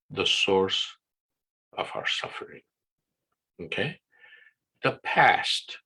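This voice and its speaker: An older man talks on a video call in a relaxed, casual presentation, often pausing for "right?". His voice is bright and on the lower side. He speaks slowly and unhurriedly. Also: slightly rough. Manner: relaxed teaching talk with frequent "right?" checks. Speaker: wellness guest speaker. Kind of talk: casual presentation on an online class.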